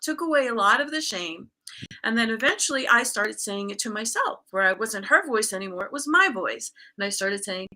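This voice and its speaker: A woman speaks as a guest in a relaxed, conversational exchange, with a bright, forward tone. She tells a personal story openly, leaning on fillers like "um" and "you know" and restarting her sentences as she goes. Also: mid-range voice, moderate pace. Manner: candid, storytelling with frequent fillers. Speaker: guest, coach. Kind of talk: casual conversation.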